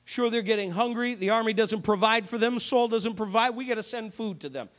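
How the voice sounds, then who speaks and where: A preacher voicing a brisk instructing father. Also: high-pitched, a bit bright. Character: practical father sending his son off.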